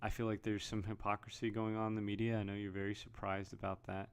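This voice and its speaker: A man talks through his thoughts in a loose, rambling vlog. His voice sits fairly low, with a gravelly fry, and he often restarts his sentences and reads headlines aloud. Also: flat delivery, fast. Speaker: vlogger. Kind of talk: casual commentary.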